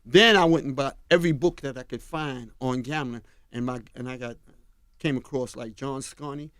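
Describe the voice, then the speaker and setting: A man's voice: a bit bright, dry recording. Older New man, close dry studio voice. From Harlem, New York. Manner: unhurried storyteller, often drops to a low confiding tone. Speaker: guest, fashion designer. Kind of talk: storytelling in a radio interview. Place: radio studio. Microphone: studio mic.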